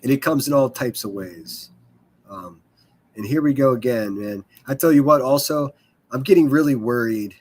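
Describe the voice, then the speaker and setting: A man's voice: mid-range voice, normal speed, darkish tone. A man hosting a casual livestream, rambling and swearing freely as he chats with viewers. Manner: profane, rambling, self-deprecating. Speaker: livestream host.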